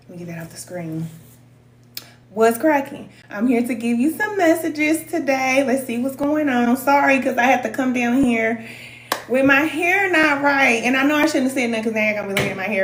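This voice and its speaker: A woman's voice: fairly high pitch, distant mic. A woman with a Kansas City accent, a spiritual reader chatting casually and playfully on a livestream, greeting viewers as cousins and laughing often. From Kansas City, USA. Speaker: spiritual reader and live streamer. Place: indoor room, moving around the camera. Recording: roomy echo, off-mic, faint room noise.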